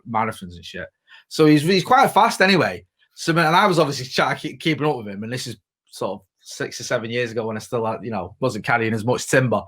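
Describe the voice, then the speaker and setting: A man talks quickly on a casual podcast. He tells stories in a chatty, unfiltered way and swears freely. His pitch sits in the middle range. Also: fairly bright tone, slightly rough. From Greater Manchester, England. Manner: chatty storyteller, swears freely, laughs often. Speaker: podcast co-host, former reporter.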